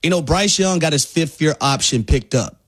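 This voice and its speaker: A male co-host whose voice sits a little higher than usual. He speaks emphatically, doubling words like "very, very" to drive his points home. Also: normal speed. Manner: emphatic, repeats words for stress. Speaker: sports radio co-host. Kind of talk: sports talk radio.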